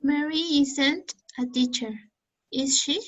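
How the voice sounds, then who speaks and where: A woman's voice: high voice, fairly even intonation, slow, a bit bright. A woman student carefully reading grammar examples aloud. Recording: dull lo-fi audio.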